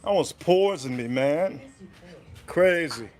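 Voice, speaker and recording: A man's voice: fairly high pitch, animated, slow. A man from the United States in his forties, hosting a cooking livestream in casual chat, rambling and repeating himself as he restarts his sentences.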